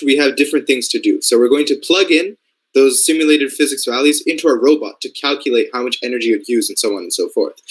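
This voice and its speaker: The voice is a man's, medium in pitch, and the audio is poor. He is a young Canadian robotics programming mentor teaching a casual coding lesson on screen share, thinking out loud and repeatedly checking that his listeners are following along.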